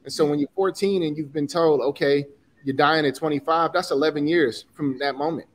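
A man's voice: a little high, steady tone, brisk. A man in his forties from Chicago, telling personal stories in an interview with earnest feeling and casual slang. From Chicago, USA. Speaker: guest, designer and entrepreneur. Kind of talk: candid interview talk.

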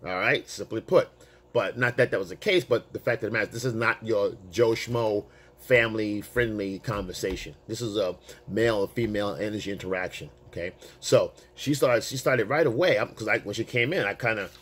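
A male dating coach telling a story to camera in a casual, animated way, swearing freely and using street slang. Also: on the low side, a little fast, slightly rough.

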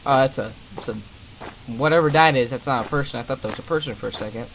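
A man's voice: mid-range voice, fast talker, gravelly, background noise. Sweary, irritated young man gaming. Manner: swearing, irritated, sarcastic asides. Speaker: gaming commentator. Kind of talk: let's play commentary.

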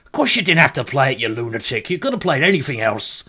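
A man's voice: medium pitch, sing-song, fast, sharp tone, husky, exaggerated voice. A man voicing an Irish friend who scolds him in a bad put-on Irish accent. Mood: scolding. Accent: put-on Irish accent, poorly done.

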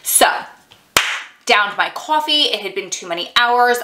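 A woman telling a storytime vlog in a chatty, animated way, talking straight to her viewers. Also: medium pitch, measured pace, slight background noise. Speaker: vlogger, prison wife.

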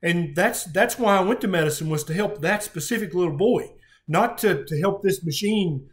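A middle-aged man with a fairly high speaking voice. He tells a patient story earnestly, with feeling and frequent restarts, as a physician in conversation. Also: moderate pace. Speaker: physician guest.

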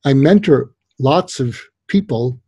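Husky, warm-voiced man giving emphatic advice. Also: mid-range voice, slow, no room sound. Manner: emphatic, animated, many "you know" fillers. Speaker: guest psychologist and author. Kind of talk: interview, explaining advice.

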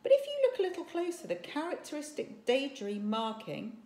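A woman voicing an eager, know-it-all young Viking boy in a children's story, talking fast and earnestly, in an echoey room. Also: high voice, sing-song, a little mellow, voice pushed up.

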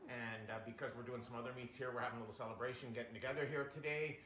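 A man with a mid-range voice and fairly even intonation talks very fast while hosting a casual cooking demo in his home kitchen, chatting away and calling his viewers "you guys." A crowd can be heard behind him, and the echoey kitchen carries a loud frying sizzle.

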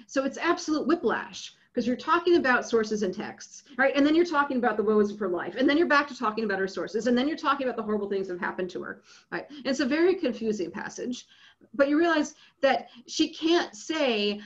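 A woman giving an academic lecture, lively and often checking in with her listeners. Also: a little high, moderate pace, muffled recording. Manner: lively, checks in with frequent "right?".

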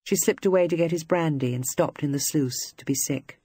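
Husky audiobook narrator, steady literary reading, dry close sound. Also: medium pitch, no room sound. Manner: measured, even literary reading. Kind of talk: scripted narration.

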